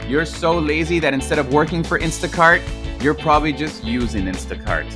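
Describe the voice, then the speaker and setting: A man hosting a podcast in casual chat, joking and sarcastic with an animated delivery. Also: on the high side, fairly quick, music in the background. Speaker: podcast host.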